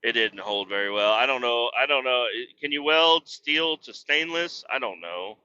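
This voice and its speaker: Bright-voiced, profane man rambling casually. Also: medium pitch, moderate pace, clear, resonant tone, muffled recording. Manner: profane, self-deprecating, laughs often. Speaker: podcast host.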